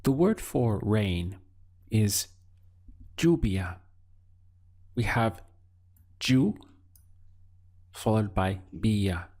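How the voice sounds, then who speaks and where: Man, Spanish teacher, low voice, unhurried, patient pauses, video lesson. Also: expressive, darkish tone. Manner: slow, deliberate teaching with pauses for learner practice.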